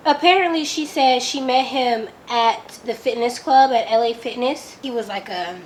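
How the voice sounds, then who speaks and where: A woman's voice: a little high, normal speed, slight background noise. A woman from Oakland reading a book aloud and commenting on it in a chatty way, filling her sentences with "like" and sounding openly incredulous. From Oakland, California. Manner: chatty, lots of "like", reacts with disbelief. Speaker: book reviewer.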